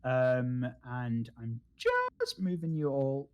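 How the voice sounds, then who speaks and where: A man narrating as game master in a tabletop game, halting and filled with fillers. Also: mid-range voice, wildly swooping pitch. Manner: halting, full of fillers and restarts.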